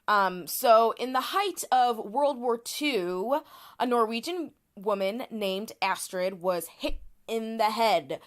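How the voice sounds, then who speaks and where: A woman's voice: fairly high pitch, slow pace. Chatty woman explaining with restarts. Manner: explanatory, frequent restarts and fillers. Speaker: podcast co-host. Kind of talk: casual chat.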